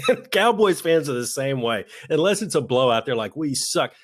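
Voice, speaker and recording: A man's voice: sing-song, moderate pace. Fired-up, profane male podcast host. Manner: fired-up, profane, mocking, swings to high-pitched outbursts. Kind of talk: heated political podcast talk.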